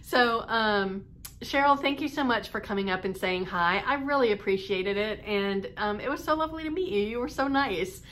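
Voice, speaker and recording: A middle-aged American woman talks casually to her camera. She rambles on with plenty of "um"s and false starts. Her voice sits at an ordinary middle pitch, with a faint hum of the room behind her. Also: lively intonation, normal speed, fairly bright tone. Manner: chatty, rambling, with many fillers and restarts. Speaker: sewing vlogger.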